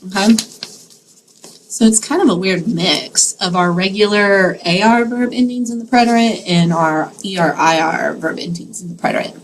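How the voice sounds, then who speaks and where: Slow, patient woman teaching a class; mid-pitched, unhurried, light room hiss behind. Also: poor audio. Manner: patient, explains step by step, checks in with "okay?". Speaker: Spanish teacher. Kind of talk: classroom grammar lesson.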